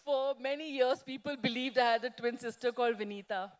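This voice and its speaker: A woman speaks from a festival stage, sharing candid anecdotes with a lively, self-mocking edge. Her voice sits fairly high for a woman. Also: fairly quick. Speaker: poet and actress, featured guest. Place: festival stage before an audience.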